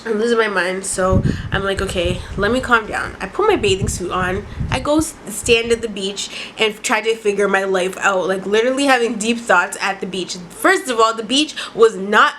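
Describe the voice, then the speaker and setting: A woman in her twenties from Canada, telling a dramatic storytime vlog in a casual, profane, animated way. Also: medium pitch, moderate pace, hardly any pauses, a little hiss or hum, low-quality recording. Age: 20s. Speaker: vlogger.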